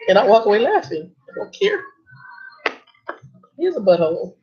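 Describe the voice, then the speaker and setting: A woman's voice: medium pitch, normal speed, breathy edge. A woman truck driver telling stories in a casual vlog, blunt and sarcastic. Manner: sarcastic, blunt, animated storytelling. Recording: dull lo-fi recording.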